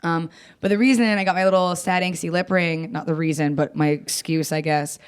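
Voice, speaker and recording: A woman's voice: lowish voice, fairly even intonation, fairly quick, smooth. Blunt, profane woman comedian. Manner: blunt, profane, self-mocking, laughs often. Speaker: comedian guest. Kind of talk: casual storytelling chat.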